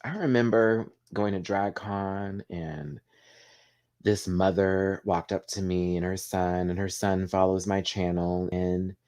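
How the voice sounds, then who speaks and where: A man hosts a casual live chat, choked up and emotional. His voice sits a little low, and he talks in an open, heartfelt way, swearing freely as he reads comments. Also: level tone, slow pace, a little mellow, smooth. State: tearful, emotional. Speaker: livestream host.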